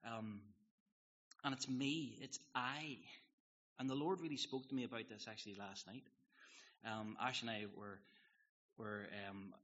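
A man's voice: medium pitch, fairly bright tone, husky, highs cut off. A man preaching a sermon as a pastor, earnest and confessional, often putting questions to the congregation.

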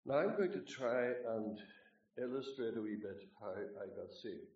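A man's voice: mid-range voice, animated, unhurried. A Northern Irish man preaching a sermon in a meeting hall, folksy and joking, and emphatic when he reads scripture. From Northern Ireland. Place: meeting hall, speaking away from the mic. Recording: roomy, distant, dull hall recording.

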